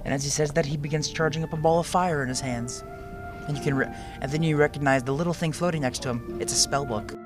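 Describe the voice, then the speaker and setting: A man narrating as game master of a tabletop game, lively and correcting himself as he goes. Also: a little high, quick pace. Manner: lively, with restarts. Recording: music under the voice.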